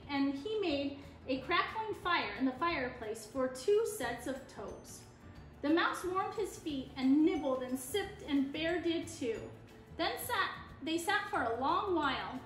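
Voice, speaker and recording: A woman reading a picture book aloud with a high, lively voice that rises and falls a lot. The reading sounds like an echoey room, with faint music under it. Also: unhurried. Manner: expressive, animated read-aloud. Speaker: storyteller.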